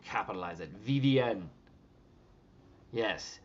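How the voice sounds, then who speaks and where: A man's voice: a little high, sing-song, moderate pace, a bit bright. A man chatting casually on a livestream while typing, rambling and swearing freely and repeating his words, on dull lo-fi audio with faint music behind.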